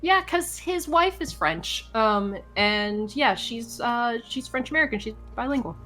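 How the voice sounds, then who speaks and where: A woman's voice: fairly high pitch, expressive, measured pace, sharp tone. Giggly woman reading a game aloud. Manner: reads game text aloud, laughs often. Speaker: game streamer. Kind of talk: casual let's-play chat.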